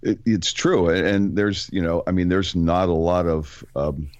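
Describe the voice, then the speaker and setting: A man co-hosting a podcast, chatting casually and deliberately, pausing to search for words. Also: sits low, fairly even intonation, darkish tone, no room sound, lo-fi sound. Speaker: podcast co-host. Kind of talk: casual interview chat.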